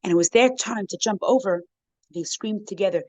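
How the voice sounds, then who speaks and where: A woman guest speaker telling a heartfelt story to a women's circle, acting out the voices she quotes and growing softer and more moved toward the end. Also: mid-range voice, fairly quick, dry recording, highs cut off. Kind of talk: emotional storytelling talk.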